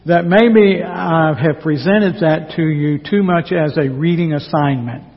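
A man preaching a sermon in an earnest, folksy, slow and emphatic way, sharing the pulpit with another pastor. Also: fairly high pitch, husky. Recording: dull lo-fi sound with long church reverb.

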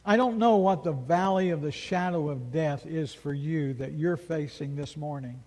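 A man's voice: on the high side, moderate pace, a little mellow. A man preaching a sermon as pastor, emphatic and full of rhetorical questions, in a church sanctuary. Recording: long reverb of a large hall.

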